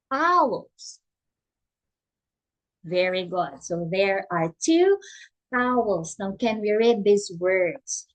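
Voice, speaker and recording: A woman teaching English to a young child online, patient and encouraging, with exaggerated prompts. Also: mid-range voice. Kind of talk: slow demo lesson for a young learner.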